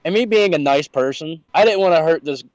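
A man's voice: on the high side, fairly quick, no echo, rough recording. A man on a casual podcast, telling crude stories with animation and acting out what people said. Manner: animated storyteller who acts out voices.

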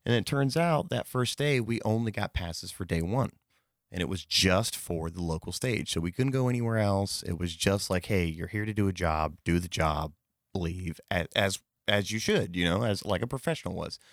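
Deep-voiced man rambling through a story. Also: expressive, normal speed, no room sound, clean studio sound. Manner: rambling, with fillers, profanity and self-corrections. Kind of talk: casual spoken anecdote.

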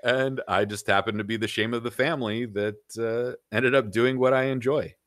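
A man's voice: medium pitch, steady tone, moderate pace, fairly bright tone, no room sound, studio quality. A middle-aged man talking bluntly and at length as a podcast guest, peppering his points with "you know". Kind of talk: casual opinionated chat.

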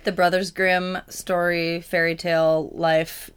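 A woman's voice: fairly low pitch, level tone, slow pace, clean tone. A young woman co-hosting a podcast, teasing her co-host in a playful way, with lots of "like" and "um". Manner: playful, teasing, filler-heavy. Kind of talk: casual chat.

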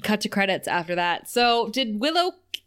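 A woman's voice: mid-range voice, sing-song, moderate pace, a bit bright, clean tone. A woman co-hosting a casual chat, recapping an episode in a chatty way and laughing often. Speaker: podcast co-host.

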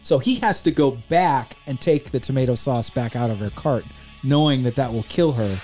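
A man's voice: medium pitch, animated, normal speed, darkish tone, faint music behind. A man co-hosting a podcast, casually recapping a movie, acting out scenes and laughing, with light swearing. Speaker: podcast co-host. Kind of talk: casual movie review chat.

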